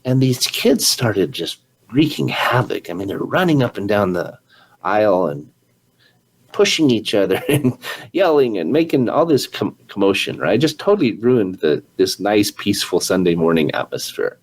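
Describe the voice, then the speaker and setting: A man's voice: lowish voice, big pitch swings, moderate pace, breathy edge, poor audio. A man hosting an interview, earnestly retelling a story and sharing his own experience, often restarting his words. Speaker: podcast host. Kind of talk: conversational storytelling.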